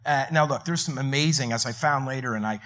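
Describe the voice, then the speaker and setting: A man on a film panel, telling lively anecdotes with quick asides and laughs. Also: mid-range voice. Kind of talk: panel discussion storytelling.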